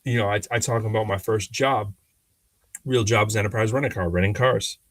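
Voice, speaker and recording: A man's voice: on the low side, a little fast, no echo. A man co-hosting a talk show, speaking in casual, rambling storytelling with many restarts and acting out other people's lines in shifting voices. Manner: animated, acts out quoted people in changing voices; rambling with frequent restarts and fillers. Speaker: podcast co-host.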